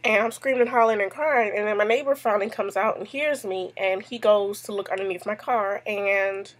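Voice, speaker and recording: Woman vlogger, casual chat, digressive storyteller, mid pitch. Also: fairly quick. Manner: chatty, tells stories with lots of asides. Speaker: YouTube vlogger answering a tag; mother.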